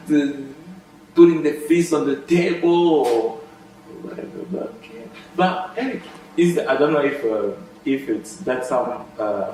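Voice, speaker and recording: A man's voice: mid-range voice, a little mellow. A man interviewing a guest, asking his questions hesitantly with many fillers and restarts. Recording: echoey room, voice far from mic.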